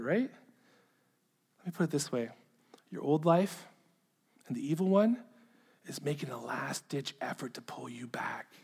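A man delivers a sermon with earnest conviction, his voice sitting a little high for a man. He doubles back on words when he stresses a point and lets his thoughts fade into a hushed, quiet finish. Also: breathy edge. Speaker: pastor. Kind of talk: sermon reading a letter aloud.

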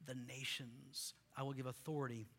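Bright-voiced impassioned male preacher. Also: mid-range voice, flat delivery, normal speed, gravelly, breathy edge. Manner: impassioned, swings from loud rallying to quiet earnest tones. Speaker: pastor. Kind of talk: sermon.

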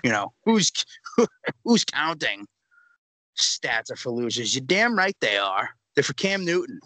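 A young man co-hosting a sports podcast, ranting loudly with sudden jumps in pitch. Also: very animated, a little slow, no echo, rough recording. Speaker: podcast co-host.

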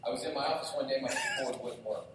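A middle-aged man preaching a sermon as pastor, telling lively stories with self-mocking humor. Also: mid-range voice, quick pace, distant mic, very noisy. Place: church sanctuary. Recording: very echoey hall, heard from afar.

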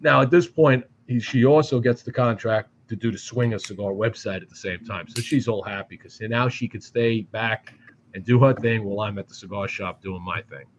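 A man from the Boston area, a podcast guest telling a long story in an animated, profane way with frequent restarts. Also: on the low side, moderate pace, dull audio, slight background noise. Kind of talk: casual storytelling. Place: studio.

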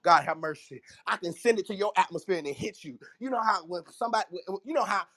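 A man's voice: sits high, quick pace, a bit bright. A man, preaching fervently on his own podcast, repeating his phrases and breaking into praise.

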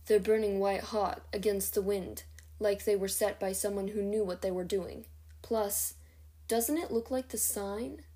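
A woman voicing a man, an awed elf official who speaks softly. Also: medium pitch, a little slow, lightly acted.

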